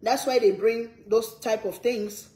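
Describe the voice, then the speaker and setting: Somewhat slowly and with fairly even intonation, a Sierra Leonean woman speaks to her vlog viewers in a casual cooking video, her accent Sierra Leonean English. Her pitch is fairly high and her tone mellow, set in an echoey room. She's earnest and emphatic, repeating words for stress.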